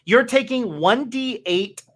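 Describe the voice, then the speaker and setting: A man running a tabletop game as game master, tallying dice aloud in a measured way. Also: very high-pitched, animated, fairly bright tone.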